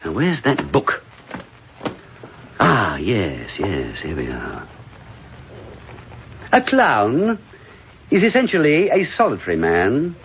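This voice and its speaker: An actor playing a drunk, bitter, washed-up middle-aged comedian in a stage monologue, rambling and sardonic, swinging from mutters to outbursts. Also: male voice, mid-range voice, huge pitch swings, takes it slowly, pauses often, a little hiss or hum, full character voice. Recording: dull lo-fi recording.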